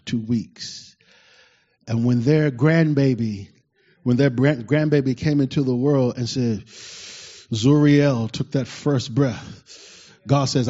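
A man preaching a sermon to a congregation. He preaches with fervor, swinging between loud, emphatic exclamations and quiet asides. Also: fairly high pitch. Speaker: pastor. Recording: dull lo-fi recording.

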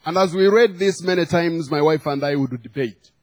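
A man's voice: on the high side, moderate pace. A man preaching a sermon, telling a humorous story and acting out the quoted lines. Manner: storytelling with acted quotes and laughter.

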